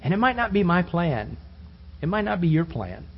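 A man preaching a sermon, telling Bible stories with animated energy and rhetorical questions. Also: sits high, normal speed, husky. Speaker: pastor. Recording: dull lo-fi sermon recording.

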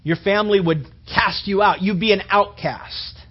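A man's voice: high voice, normal speed, breathy edge. A man preaching a conversational sermon, rambling casually and peppering his talk with "you know" and "man". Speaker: pastor. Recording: dull lo-fi recording.

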